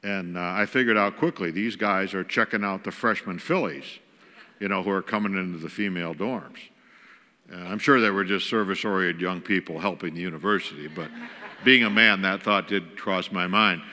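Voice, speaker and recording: An older man with a bright, forceful voice, spinning a funny, self-mocking story for a church crowd. He acts out the scenes as he goes, and his voice rings with the long reverb of a big hall. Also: deep voice, moderate pace. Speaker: guest speaker. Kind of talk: humorous storytelling sermon. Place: large church auditorium.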